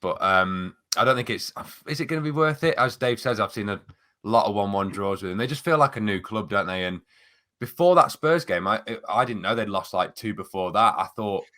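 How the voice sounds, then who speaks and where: A man's voice: on the low side, lively intonation, bright, forceful tone. A man co-hosting a football podcast, telling anecdotes in a chatty way. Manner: quick, chatty storytelling. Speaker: podcast co-host. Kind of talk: casual football chat.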